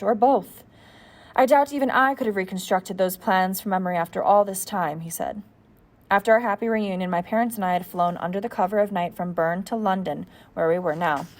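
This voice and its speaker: A woman's voice: fairly low pitch, darkish tone. A woman reading a novel aloud as an audiobook, in a plain reading manner with the odd slip and restart. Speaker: audiobook reader. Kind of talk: read-aloud narration of a novel.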